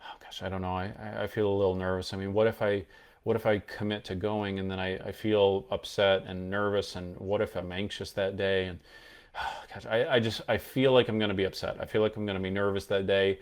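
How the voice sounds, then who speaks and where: A man's voice: deep voice, level tone, brisk. A man acting out an anxious adult who stammers fretfully while talking himself toward panic. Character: anxious adult spiraling into panic in self-talk.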